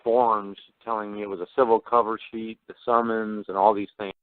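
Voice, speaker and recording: A man's voice: on the low side, little pitch movement, brisk. Hesitant male caller on a noisy phone line. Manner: hesitant, asking for clarification. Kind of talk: phone call-in question. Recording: tinny phone line with loud noise.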